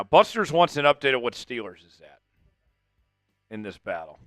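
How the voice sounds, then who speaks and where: A man's voice: mid-range voice, very animated, normal speed, pauses often, fairly bright tone, no room sound, faint music behind. A man hosting a live sports fan stream while drinking, swinging from hype chants to emotional thanks. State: drinking, tipsy. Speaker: sports livestream host.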